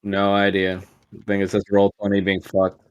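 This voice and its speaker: A man's voice: low voice, monotone, normal speed, dull audio. A man running a tabletop game, chatting matter-of-factly about fixing the game setup. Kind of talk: casual chat before a game session.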